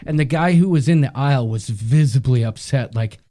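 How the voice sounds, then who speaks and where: A man with a mellow, mid-range voice co-hosts a live cruise show, speaking briskly as he chats casually. He tells stories and reads viewer comments aloud during the live-stream.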